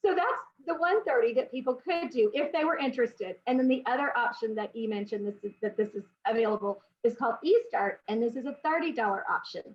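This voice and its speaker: High-voiced bubbly woman host. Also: fast talker, few pauses, highs cut off. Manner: bubbly, gushing, laughs often. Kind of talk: online business presentation.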